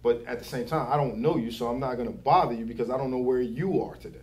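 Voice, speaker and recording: A man's voice: mid-range voice, quick pace, a little mellow. A young man, a barber giving advice to new barbers in casual, profane chat, repeating his catchphrases. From Philadelphia. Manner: loose, swearing, repeats catchphrases.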